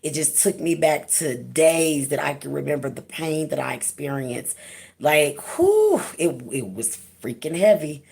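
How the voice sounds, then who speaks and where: A woman with a low, gravelly voice hosts her own vlog, speaking candidly about her own experiences. She talks frankly and with emphasis, loose and casual, with the odd curse word. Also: moderate pace, hardly any pauses, a little mellow. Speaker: channel host. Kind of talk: candid personal vlog talk.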